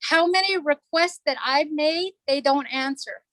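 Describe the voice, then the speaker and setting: A middle-aged woman with a high voice speaks as a council delegate at a community meeting. Her voice is close and dry, with no room sound. She talks earnestly and with emotion, going back over her points to drive them home. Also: unhurried, a bit bright, no echo, low-quality recording. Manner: earnest, emotional, repeats herself for emphasis.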